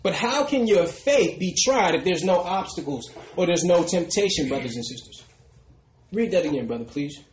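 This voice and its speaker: A man preaching a sermon who often trails off into a soft "brothers and sisters". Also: sits high, animated, moderate pace, reverberant, a little hiss or hum, poor audio. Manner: ends phrases with a dropping, quiet "brothers and sisters". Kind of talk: street sermon.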